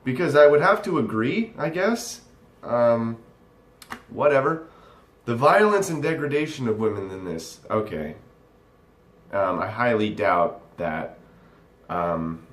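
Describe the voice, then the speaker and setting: A man's voice: medium pitch, very animated, unhurried, long pauses. A young man ranting sarcastically at a text he reads aloud, swearing often and rambling. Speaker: vlogger. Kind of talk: ranting commentary reacting to a text. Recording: echoey room.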